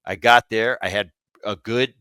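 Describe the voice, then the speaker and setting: A man hosting a casual podcast, telling a story with many halting restarts. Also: on the low side, steady tone, sharp tone, smooth, dry recording, studio quality. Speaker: podcast host.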